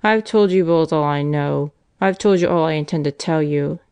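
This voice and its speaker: Sneering young male convict, defiant and sullen, low-voiced, read by a woman narrator. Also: moderate pace, a little mellow, smooth. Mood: growling. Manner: sneering, growling.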